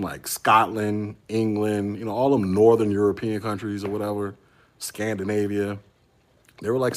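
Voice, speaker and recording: Host type: husky, low-voiced Florida guy, slangy and rambling, chatting live with viewers. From Central Florida. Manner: rambling storyteller, slangy, addresses chat as y'all. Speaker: tech podcast host. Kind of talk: casual livestream chat.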